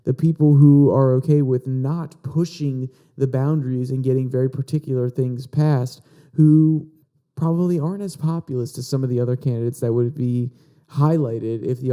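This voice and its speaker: A man's voice: medium pitch, warm tone, clean tone. A man from Virginia hosting a podcast. He talks casually about political news, explains the articles and reads out quotes. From Virginia, USA. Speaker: podcast host.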